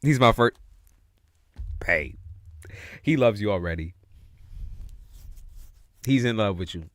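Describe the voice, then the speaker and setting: Slangy, expressive male tarot reader. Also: on the low side, takes it slowly, no echo, clean studio sound. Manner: slangy, expressive, laughs often. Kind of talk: casual livestream tarot reading.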